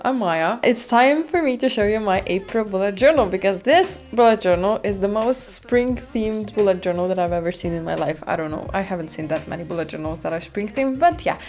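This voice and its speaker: A woman vlogging about her bullet journal in rambling, self-deprecating casual chat, speaking English as a non-native speaker. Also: mid-range voice. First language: not English. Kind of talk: casual chatty vlog.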